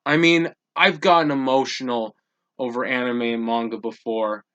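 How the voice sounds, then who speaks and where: A man's voice: mid-range voice, fairly even intonation, moderate pace, pushed and bright, clean tone, lo-fi sound. A man hosting a casual manga reaction, thinking aloud and getting emotional as he reads. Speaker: reaction channel host.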